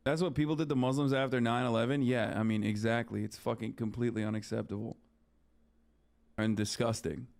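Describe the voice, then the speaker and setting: A man's voice: mid-range voice, fairly even intonation, brisk, gravelly, a little mellow. Blunt, swearing young man streamer. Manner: blunt, heavy swearing, reads chat aloud. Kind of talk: casual live-stream chat.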